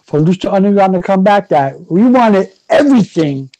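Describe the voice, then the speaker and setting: A man with a notably high voice hosting a loose podcast conversation. He talks excitedly, piling on "you know" fillers. The sound is close and dry, with no room echo. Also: normal speed. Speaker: podcast host. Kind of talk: casual podcast chat.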